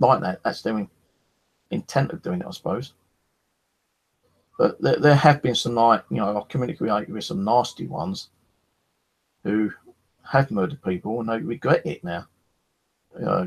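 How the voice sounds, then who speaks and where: Gravelly, husky man telling stories. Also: on the low side, moderate pace, pauses often, rough recording. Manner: rambling, swears freely, many fillers. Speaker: paranormal investigator. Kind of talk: casual storytelling.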